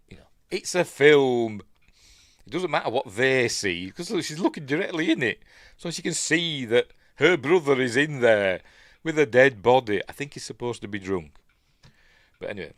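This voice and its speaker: A man's voice: on the low side, dry recording, clean studio sound. A man with a Yorkshire accent, talking through a film in a rambling, chatty way full of asides. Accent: Yorkshire English. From Yorkshire, England. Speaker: film reviewer. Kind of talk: casual film breakdown commentary.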